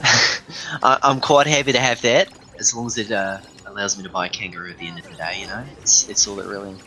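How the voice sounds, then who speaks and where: Man, young adult, slightly low pitch, bright tone, casual joking speedrun commentary. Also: fairly even intonation, a little fast, poor audio. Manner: joking, rambling, reads chat aloud. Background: faint game music.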